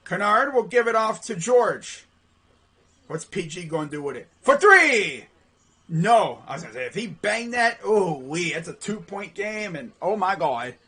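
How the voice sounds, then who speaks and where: A young man doing live play-by-play reaction to a basketball game from home, slangy and excitable, yelling and groaning at missed shots. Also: high-pitched, normal speed, breathy edge. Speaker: play-by-play streamer.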